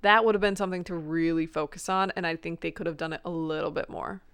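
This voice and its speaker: A woman with a fairly low, smooth and clear voice. She chats casually as a podcast co-host, relaxed and agreeable, peppering her talk with "like". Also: fast. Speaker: podcast co-host reviewing films. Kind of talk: casual chat.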